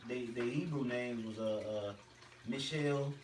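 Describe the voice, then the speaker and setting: A man's voice: medium pitch, unhurried. A man leading a faith discussion in an emphatic, repetitive, slangy preaching manner. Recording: roomy and distant with faint noise.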